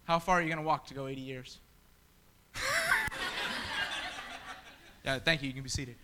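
A man preaching a sermon in a church, swinging between shouted appeals and quiet asides. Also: medium pitch, steady tone, normal speed, long pauses. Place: church sanctuary.

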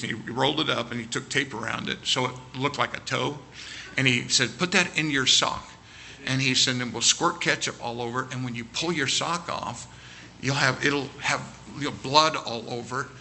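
A man telling an animated story with quoted dialogue during a sermon. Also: mid-range voice, creaky, slight background noise.

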